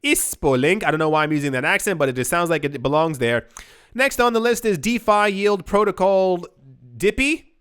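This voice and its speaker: A man's voice: high voice, fairly quick, fairly bright tone, clean tone. A man hosting a crypto news channel, giving casual commentary with sarcastic, joking asides. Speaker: crypto YouTube host.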